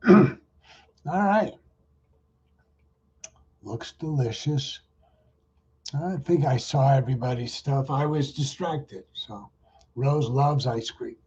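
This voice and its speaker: A man's voice: mid-range voice, takes it slowly, dark tone, breathy edge, dull audio. A middle-aged man who chats casually and rambles with fillers, then leads a guided loving-kindness meditation for a group. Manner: rambling, chatty, with fillers and restarts.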